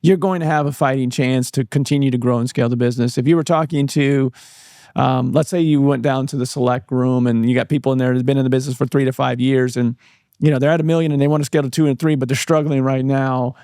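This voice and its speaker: A man in the host's chair with a voice of middle pitch. He sums up his guest's points in a measured, unhurried way and pauses on fillers. The recording is dry and close. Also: fairly even intonation, mellow, clean tone, no echo. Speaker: podcast host. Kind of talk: interview hosting.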